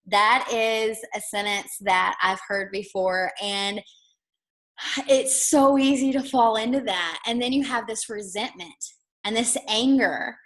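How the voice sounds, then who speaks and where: A woman's voice: on the high side, measured pace, a bit bright. A young woman hosting an online workshop, talking casually and retelling stories in quoted voices. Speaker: workshop host. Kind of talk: casual teaching talk. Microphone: video call.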